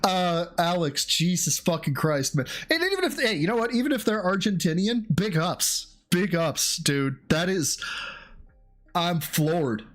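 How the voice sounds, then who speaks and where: Excitable, foul-mouthed streamer guy. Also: sits high, unhurried, soft background music. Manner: excitable, swears freely, rambling with restarts. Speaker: streamer host. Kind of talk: casual livestream chat.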